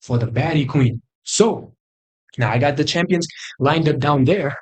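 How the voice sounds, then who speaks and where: A young man hosting a crude comedic tier list, boastful and rambling, with sudden loud outbursts. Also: on the high side, unhurried, slightly rough. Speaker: host.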